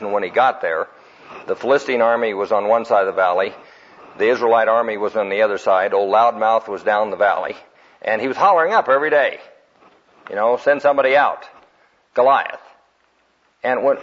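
Husky folksy preacher man. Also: on the low side. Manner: folksy storytelling, acts out quotes, laughs at own jokes. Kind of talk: sermon. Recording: dull lo-fi recording.

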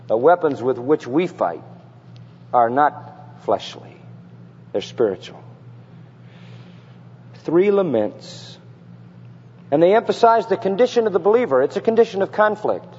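Fervent preacher, slightly high male voice. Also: a little mellow, slightly rough. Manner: asks rhetorical questions and reads scripture with rising fervor. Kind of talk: sermon. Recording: reverberant, dull lo-fi sermon recording.

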